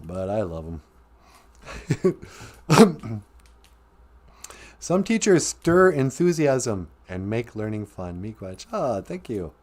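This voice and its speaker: A man's voice: on the low side, big pitch swings, slow, long pauses, darkish tone. A man hosting a casual livestream, reading out viewer comments and rambling with jokes, frequent laughs and affectionate asides. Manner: giggly, rambling, jokey, calls people sweetie.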